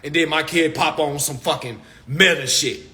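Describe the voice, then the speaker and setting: At a moderate pace, a man with a fairly high, pushed and bright voice rants live on his phone. The unscripted stream is profane and preachy, with points repeated for emphasis.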